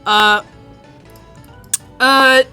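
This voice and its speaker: A woman's voice: high-pitched, fairly even intonation, extremely slow, sharp tone, clean tone, faint music behind. A woman narrating as dungeon master, rambling with fillers and self-corrections. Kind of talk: narrating a tabletop game.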